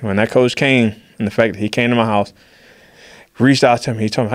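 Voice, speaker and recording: A man telling a story from his life in a casual chat, quickly and with animation, and voicing the people he quotes. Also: mid-range voice, no echo, studio quality. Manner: fast, animated storytelling, acts out quotes of others. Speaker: podcast guest, fighter.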